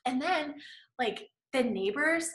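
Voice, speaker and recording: Bright, chatty woman coach in an echoey room. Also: high-pitched, lively intonation, slow. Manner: chatty, tags lines with right and okay. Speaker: manifesting coach. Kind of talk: casual teaching talk.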